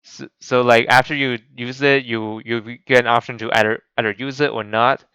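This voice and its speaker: Some guy rambling about a game, lots of restarts, sharp clear voice, dry sound. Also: medium pitch, fairly even intonation, moderate pace, dry recording, rough recording. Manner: rambling, many restarts and fillers. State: voice cracking. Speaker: gaming channel host. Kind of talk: casual game commentary.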